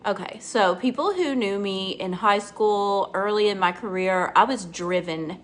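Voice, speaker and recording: A woman's voice: medium pitch, a little slow. A middle-aged woman, chatting and rambling through a casual makeup tutorial and talking to her viewers by name. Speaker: makeup vlogger.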